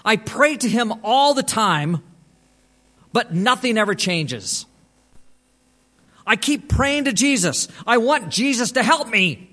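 A man putting on a frightened drunk man, desperate and pleading, pitched well above a speaking voice that is already high and bright, loud and strained. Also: big pitch swings, slow pace, pauses often, full character voice.

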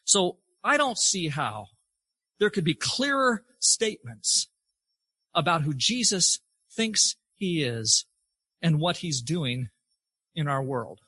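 A man's voice: a little high, sing-song, takes it slowly, pauses often, pushed and bright, husky, no echo. A man preaching a sermon, emphatic and building his point through repeated phrases.

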